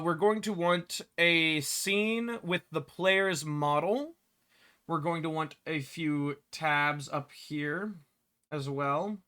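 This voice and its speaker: A man developing a game, thinking aloud in a halting way, correcting himself as he works and muttering to himself. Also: a little high, bright, forceful tone. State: hiccuping. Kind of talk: thinking aloud while working.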